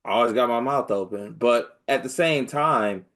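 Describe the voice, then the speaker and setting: A man's voice: medium pitch, normal speed, a bit bright. A man co-hosting a casual sports talk show, loose, blunt and joking. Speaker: sports podcast co-host.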